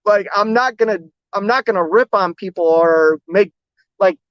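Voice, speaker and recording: A relaxed man rambles through viewer comments on his trucking stream, joking at his own expense. The sound is dull and lo-fi, and it is dry and close with no room echo. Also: high-pitched, moderate pace, clear, resonant tone. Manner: rambling, easygoing, self-deprecating, many "like"s. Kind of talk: casual live-stream chat reading comments.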